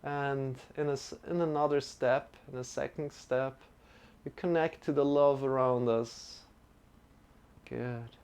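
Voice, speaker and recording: A man leading a live-streamed yoga and meditation class, giving gentle, encouraging cues and chatting with viewers between them. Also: mid-range voice, steady tone, unhurried, clear, resonant tone. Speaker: yoga teacher.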